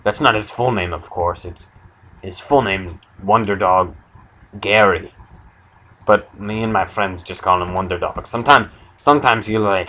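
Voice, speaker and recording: A young man hosting an improvised comedy chat, rambling through absurd deadpan jokes. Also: lowish voice, measured pace, rough recording. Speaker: comedy podcast host.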